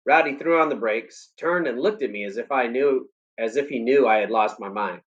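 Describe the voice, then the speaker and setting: A male teacher reading a novel aloud in a steady, plain way, with small stumbles and brief teaching asides. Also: mid-range voice, normal speed, muffled recording.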